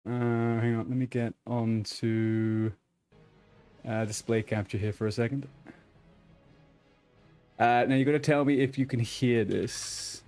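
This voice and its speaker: A man chatting casually with his viewers while he streams a game. He swears freely and trips over his own restarts, at an ordinary mid pitch for a man. Faint music sits in the background. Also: steady tone, unhurried, pauses often, a little mellow, clean tone. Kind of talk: casual live-stream chat.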